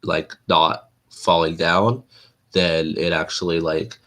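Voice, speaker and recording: A man's voice: sits low, level tone, takes it slowly, pushed and bright. A man hosting a casual livestream, talking with a nasal sound in a loose, chatty way full of fillers and restarts. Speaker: livestream host. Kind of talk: casual rambling livestream talk.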